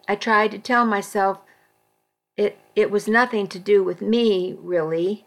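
A woman narrating a first-person story at a slow, careful pace. Her voice sits at a middling pitch, and she now and then stops to correct a slip before going on. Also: fairly bright tone.

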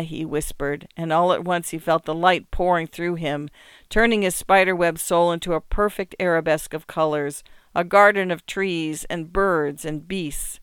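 A woman reading short stories aloud for radio, measured and expressive. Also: low voice, clean tone, no echo, studio quality. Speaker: radio reader and host. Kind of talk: scripted narration of short stories.

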